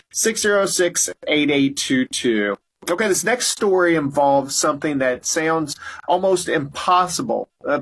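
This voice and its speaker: A husky-voiced man hosts a health talk program, his pitch sitting a little high for a man. He explains a medical topic step by step in a scripted, steady way. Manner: clear explanatory delivery, repeats phone numbers slowly. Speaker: health talk show host.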